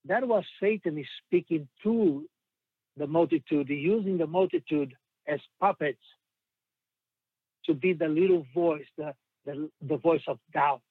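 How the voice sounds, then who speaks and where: A preacher whose voice sits a little high gives a sermon with earnest emphasis, slowing down to stress the scripture he quotes. The sound is thin and phone-like, very dry, with no room echo.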